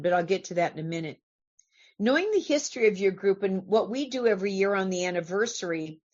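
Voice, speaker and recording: A woman's voice: mid-range voice, lo-fi sound. A woman from California giving an earnest, conversational talk to a recovery meeting, asking her listeners questions as she goes.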